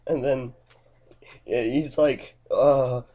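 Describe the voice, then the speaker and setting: A man's voice: on the low side, unhurried, darkish tone. A young man telling a rambling improvised comic story, giggling often, stumbling over words and swearing a lot.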